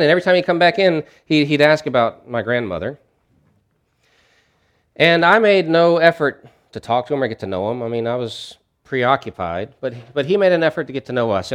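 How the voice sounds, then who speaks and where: A man preaching a sermon as a pastor, telling a story in a conversational way with frequent restarts. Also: mid-range voice.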